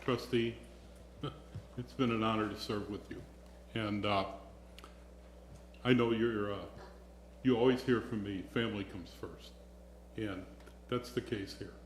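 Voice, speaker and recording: A man's voice: lowish voice, steady tone, a little slow, long pauses. A man chairing a village board meeting, speaking formally and graciously. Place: council chamber. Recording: roomy chamber audio, faint hum.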